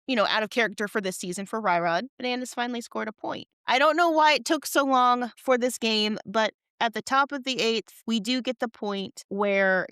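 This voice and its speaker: Casual podcast co-host, woman, bit high, smooth, dry sound, rambles and laughs a lot. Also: dry recording. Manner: excitable, laughs often, rambling. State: tired. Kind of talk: casual chat.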